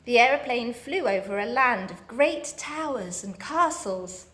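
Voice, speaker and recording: Slow-reading woman with a high voice. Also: animated, a bit bright. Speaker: storybook reader. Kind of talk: reading a children's book aloud.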